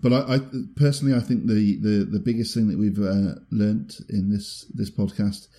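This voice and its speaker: A man's voice: lowish voice, fairly even intonation, normal speed, mellow. A man hosting a casual podcast, teasing his co-host with dry humor.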